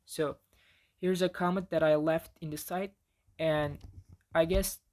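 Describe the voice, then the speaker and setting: A man's voice: on the high side, steady tone, measured pace, darkish tone. Turkish-accented man explaining pronunciation. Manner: casual and explanatory, with frequent fillers and restarts. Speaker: language teacher. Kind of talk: recorded lecture on pronunciation.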